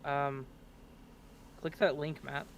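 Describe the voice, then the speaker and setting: A man's voice: fairly high pitch, level tone, slow, gravelly, heavy background noise. A married man joining a friend's live stream as co-host, making dry, teasing remarks. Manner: dry, teasing, joking asides. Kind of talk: casual live stream chat.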